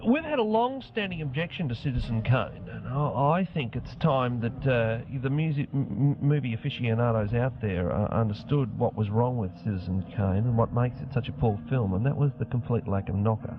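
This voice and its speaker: A man, talking in mock-serious, halting banter full of fillers on a radio show. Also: medium pitch, animated, background noise. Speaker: band member on community radio. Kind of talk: deadpan comedic banter. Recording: phone-like radio audio with music.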